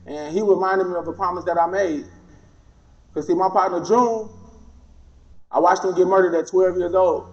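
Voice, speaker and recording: A man gives a personal testimony, his voice pitched high for a man. He tells it with animation and slips into the voices of the people in his story. The recording is dull and lo-fi. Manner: animated storytelling, acting out other people's words. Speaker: guest speaker.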